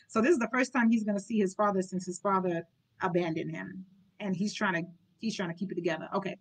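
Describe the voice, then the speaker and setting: A woman's voice: medium pitch, fairly even intonation, quick pace, low-quality recording. A woman hosting a live book club reading, reading aloud and breaking off into informal, chatty commentary.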